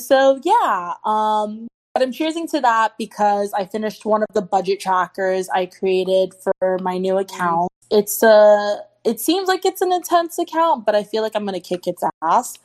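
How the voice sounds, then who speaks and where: A young woman co-hosting a podcast after a bottle of wine, a bit tipsy and swearing freely. She rambles on in a loose, candid way, her voice at an ordinary middle pitch. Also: a little mellow. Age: 20s. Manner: loose, profane and blunt. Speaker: podcast co-host. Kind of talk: casual podcast chat.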